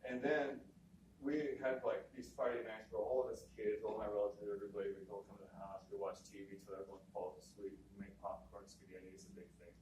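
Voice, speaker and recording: A man's voice: fairly low pitch, little pitch movement, fast. A man telling his own story in an easy, conversational voice, doubling back on words and acting out what people said. He sounds a little distant from the mic, in a room with a lot of echo. A faint hum of ambience sits behind him. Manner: conversational, repeats words, quotes others. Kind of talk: personal storytelling talk.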